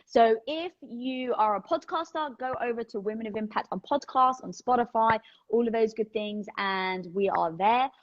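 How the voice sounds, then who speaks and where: A woman's voice: fairly high pitch, normal speed, dull audio. A woman with a British accent hosting a casual livestream from home, chatting energetically and candidly as she answers viewer questions. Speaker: host of a livestream. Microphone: phone livestream.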